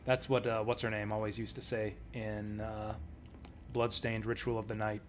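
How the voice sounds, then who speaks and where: A man's voice: fairly low pitch, flat delivery, moderate pace, slight background noise. A man streaming a video game, giving casual commentary in a rambling, joking way with frequent chuckles.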